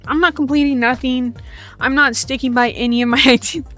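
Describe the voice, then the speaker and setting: A woman's voice: sits high, fairly even intonation, fairly quick, a bit bright, faint music behind. A woman giving casual, joking, rambling commentary while playing a game, full of slang. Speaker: gaming streamer.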